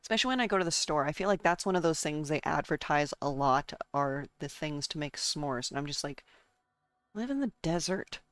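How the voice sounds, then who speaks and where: A woman's voice: deep voice, fairly even intonation, a little fast, few pauses, a bit bright, smooth, dry recording, faint music behind. A woman streaming a game and chatting casually, rambling from one thought to the next and talking to her chat and herself.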